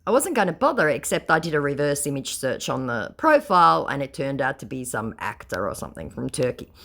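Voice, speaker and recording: A woman with a low voice narrates a chat with a scammer in a casual, sarcastic way. She taunts as she goes, and her pitch swings widely from line to line. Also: sing-song, a little fast, vocal fry, fairly bright tone. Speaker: scam-baiting vlogger.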